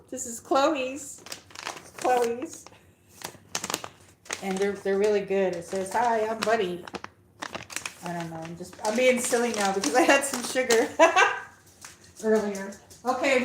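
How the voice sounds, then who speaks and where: A woman's voice: a little high, reverberant, a little hiss or hum, rough recording. A woman hosting a casual livestream from her home, chatting with viewers and coaxing her dog. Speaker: livestream host. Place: room at home.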